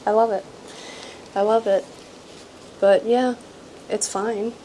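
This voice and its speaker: A woman's voice: mid-range voice, steady tone, slow pace, mellow, a little hiss or hum, poor audio. A woman hosting a casual houseplant vlog, chatty and self-deprecating, laughing often and trailing off with ums. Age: adult with grown daughter. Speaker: houseplant channel host. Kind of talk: casual show-and-tell vlog.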